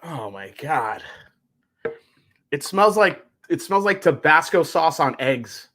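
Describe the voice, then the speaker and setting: Animated man hosting a whiskey stream. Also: a little high, slow. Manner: animated, cussing, groaning in disgust, chatty. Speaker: whiskey livestream host. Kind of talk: casual live-stream chat.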